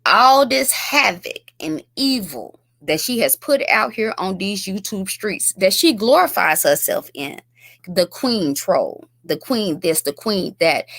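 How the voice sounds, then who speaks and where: A woman's voice: mid-range voice, creaky, fairly bright tone, dry recording. Woman ranting, profane and scornful, commentary host, dry close sound.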